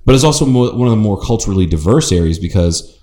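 A man's voice: fairly low pitch, expressive, fast talker, dark tone. A man from Ohio co-hosting a podcast, telling stories in casual chat and swearing freely. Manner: profane, storytelling, swears freely. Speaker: podcast co-host. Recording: roomy echo.

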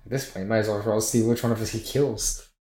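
A player in a tabletop game, expressive and quick to laugh. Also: mid-range voice, reverberant. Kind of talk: casual tabletop play.

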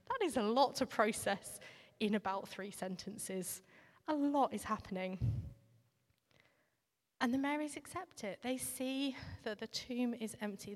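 A woman preaches in a relaxed, reflective, conversational manner. Her voice sits at an ordinary middle pitch. A long reverb trails behind her, as in a large church hall. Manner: reflective, conversational with occasional fillers. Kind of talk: sermon.

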